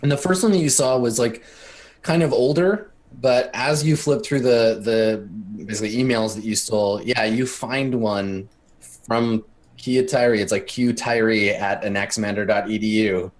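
A man running a tabletop game as game master, describing each scene in a loose, casual way. His voice sits at a middle pitch, and he scatters fillers through his narration. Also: normal speed. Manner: casual, full of fillers, laughs often.

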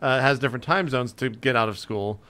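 A man in casual chat, relaxed and easygoing, talking about streaming. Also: medium pitch, fairly quick, clean tone. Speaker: streamer guest.

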